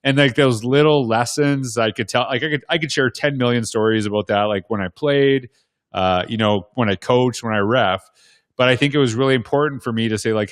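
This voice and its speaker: Brief: male educator, mid pitch, loose rambling anecdotes, dry close sound. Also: fast talker, dry recording. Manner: rambling, many restarts and "like"s. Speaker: guest panelist, educator and former basketball referee. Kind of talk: casual storytelling on a video panel.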